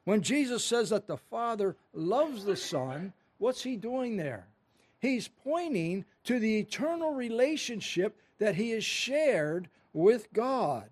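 High-voiced man preaching a sermon. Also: big pitch swings, takes it slowly. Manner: earnest, emphatic preaching with scripture reading. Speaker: pastor.

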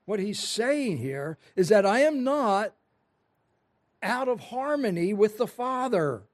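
Male pastor, high voice, earnest and emphatic sermon delivery. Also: very animated, slow. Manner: earnest, emphatic preaching with scripture reading.

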